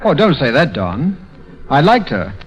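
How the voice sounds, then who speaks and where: A man's voice: fairly high pitch, sing-song, measured pace. A British man as a radio comedy guest, trading banter in a dry, rueful, self-deprecating way. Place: radio studio. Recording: dull 1930s radio broadcast.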